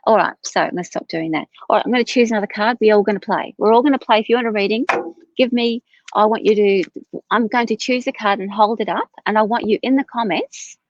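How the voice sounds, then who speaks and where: A woman's voice: medium pitch, no room sound. Tired, chatty woman reading tarot. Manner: chatty, rambling, self-correcting. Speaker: tarot reader. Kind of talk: live-streamed tarot reading. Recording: dull, dry lo-fi stream audio.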